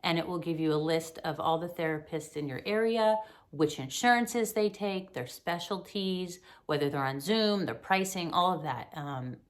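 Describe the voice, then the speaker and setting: This middle-aged woman talks as a therapist in a relaxed conversation. Her voice is fairly low, and she explains things earnestly, filling pauses with ums. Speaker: mental health therapist, guest. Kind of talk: casual conversation.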